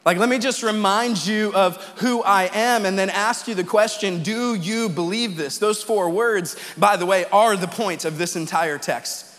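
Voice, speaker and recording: Pastor guy preaching, talks like a chat with lots of "right?", high voice, big hall echo. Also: normal speed, hardly any pauses, a bit bright. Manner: conversational preaching, tag questions, rising to fervent quoted pleas. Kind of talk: sermon. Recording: long hall reverb.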